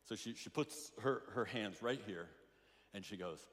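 A man's voice: lowish voice, moderate pace, fairly bright tone. A man preaching a sermon, telling a story with acted-out voices and many restarts. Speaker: pastor. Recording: hall reverb.

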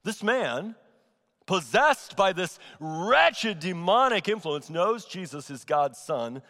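A middle-aged man preaching a sermon, swinging from loud emphatic peaks to soft, low asides. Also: big pitch swings, takes it slowly. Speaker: pastor. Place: large church auditorium. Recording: echoey sanctuary with long reverb.

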